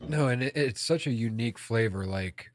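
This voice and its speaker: A man co-hosting a podcast in casual chat. He mostly gives short agreeing replies in a relaxed way. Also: medium pitch, moderate pace. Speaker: podcast co-host and designer.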